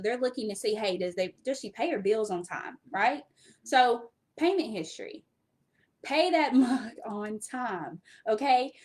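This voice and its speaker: Animated woman hosting a money livestream. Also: on the high side. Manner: energetic, repeats words for emphasis; talks straight to viewers, greets them by name. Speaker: host, credit educator. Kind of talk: live-stream Q&A.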